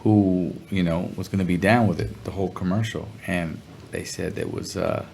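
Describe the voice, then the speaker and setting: A man telling a story in a relaxed interview, talking in slang and sounding animated when he quotes people. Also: low voice, normal speed, creaky, slight background noise. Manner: laid-back, slangy, animated when quoting others. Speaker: guest musician.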